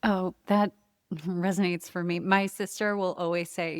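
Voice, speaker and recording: A woman hosting a podcast interview about books, enthusiastic and quick to laugh as she asks her guest questions. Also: on the low side, steady tone, no echo, studio quality. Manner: warm, enthusiastic, laughs easily. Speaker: podcast host. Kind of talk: conversational interview.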